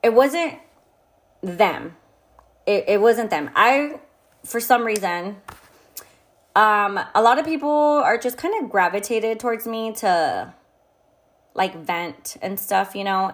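A young woman talking candidly to camera, telling a personal story in a casual, frank way, full of fillers and swearing. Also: mid-range voice. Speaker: vlogger.

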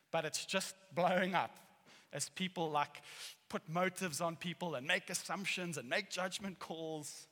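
A man preaching a sermon as pastor, earnest and animated, acting out quotes as he tells a story. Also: high-pitched. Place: church hall. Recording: long hall reverb.

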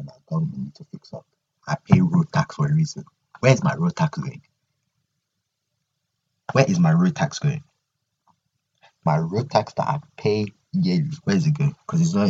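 Young man, podcast host, animated repetitive rant, raspy deep voice, dull lo-fi sound. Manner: animated ranting, repeating himself.

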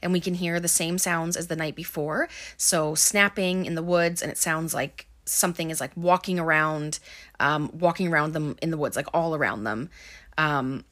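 Woman, casual movie recap, rambling chatty delivery, lowish voice. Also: normal speed, a bit bright. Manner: chatty, many ums and likes.

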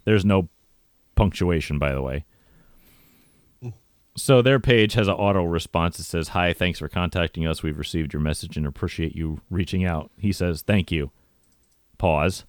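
A man's voice: deep voice, normal speed, pauses often, dry recording, clean studio sound. A man hosting a casual podcast, wry and laughing often as he reads fan messages aloud. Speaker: podcast host.

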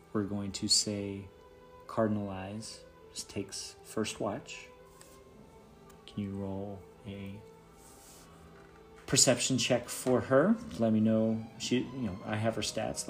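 A man running a tabletop game as game master, narrating in a relaxed, halting way with many fillers and restarts. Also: lowish voice, gravelly.

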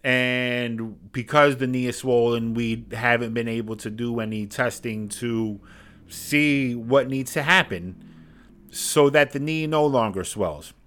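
A man's voice: mid-range voice, slow pace, fairly bright tone, clean tone. Male sports podcast host, casual and self-deprecating, clean resonant tone. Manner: rambling, self-deprecating, with many fillers.

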